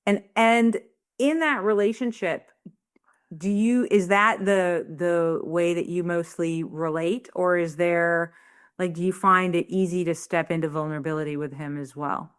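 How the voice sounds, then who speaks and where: A woman's voice: fairly low pitch, steady tone, unhurried, clean tone. A woman co-hosting a parenting podcast, asking a guest encouraging, casual questions. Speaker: podcast co-host. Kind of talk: casual interview chat.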